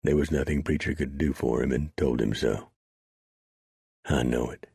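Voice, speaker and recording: A man narrating an audiobook in a steady, unhurried storytelling manner. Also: rumbling low, vocal fry, husky, no room sound, studio quality.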